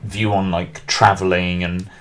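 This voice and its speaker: Man, low voice, casual podcast host, rambling, lots of restarts. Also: flat delivery, a little slow, fairly bright tone. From England. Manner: chatty, rambling, with frequent restarts and fillers.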